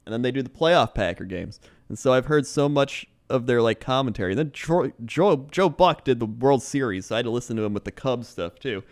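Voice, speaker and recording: A man's voice: medium pitch, expressive, brisk, hardly any pauses. A man co-hosting a comedy podcast, chatting casually and rambling, laughing easily. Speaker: podcast co-host.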